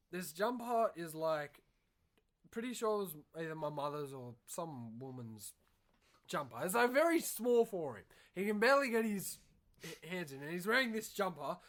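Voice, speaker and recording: Young Australian man, slightly high voice, rambling, sweary storyteller. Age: young adult. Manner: rambling, swears a lot, animated. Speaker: podcast co-host. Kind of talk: casual storytelling.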